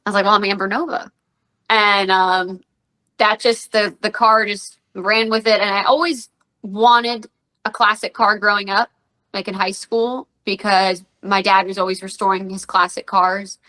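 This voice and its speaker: A woman's voice: medium pitch, unhurried, rough recording. A woman in her thirties, a wrestler and radio personality, telling stories in a casual podcast interview and acting out the quotes. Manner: animated storyteller, acts out quotes.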